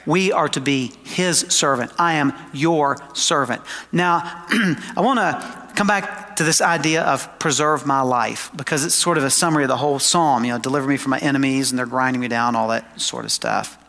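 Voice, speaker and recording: A man preaching a sermon to his congregation, emphatic, slowing down for quoted scripture and dropping into conversational asides. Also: medium pitch, bright, forceful tone. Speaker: pastor. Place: church sanctuary. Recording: long hall reverb.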